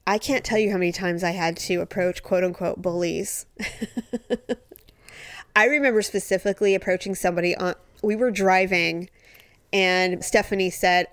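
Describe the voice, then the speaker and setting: A woman in her forties co-hosting a podcast, telling family stories in a lively way and putting on her parents' voices with frequent laughs. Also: normal speed, clear, resonant tone, dry recording. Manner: animated storyteller, mimics parents in high voices, laughs often. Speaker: podcast co-host. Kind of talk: casual chat.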